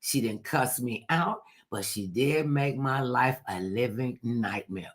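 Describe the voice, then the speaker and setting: A man telling a childhood story in a relaxed chat, lively and at times dropping into a hush. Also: mid-range voice, slow, hardly any pauses. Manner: animated storyteller, drops into a hush at times, Southern-tinged vernacular.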